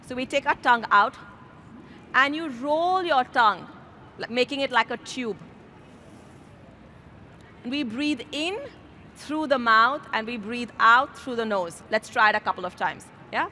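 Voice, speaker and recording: A woman yoga instructor calmly guiding a class outdoors through breathing exercises, speaking slowly and gently. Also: on the high side, a little hiss or hum. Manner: calm, slow, gently instructive. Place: outdoors in a city square.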